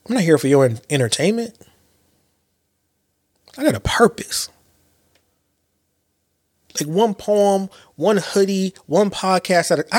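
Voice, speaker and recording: A man in his late thirties hosting a podcast, talking through his thoughts in a casual, animated way, with repeats and slang. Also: on the high side, dry recording, studio quality. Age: late 30s. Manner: animated storyteller with repetitions and slang. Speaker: podcast host. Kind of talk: casual reflective monologue.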